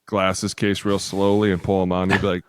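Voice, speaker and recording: A man co-hosting a football podcast, joking and doing quick impressions of coaches and teammates. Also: sits low, monotone, clean tone, no room sound. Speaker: podcast co-host, former NFL lineman. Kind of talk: casual sports podcast chat.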